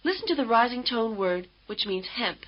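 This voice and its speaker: A woman instructor giving measured, patient, scripted explanations in a language lesson. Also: on the high side, big pitch swings. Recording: dull lo-fi old course tape.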